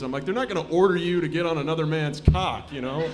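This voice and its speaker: On stage at a comedy club, a man in his twenties with a fairly high voice speaks at normal speed. He keeps a deadpan tone through muttered asides, then bursts out shouting in different voices.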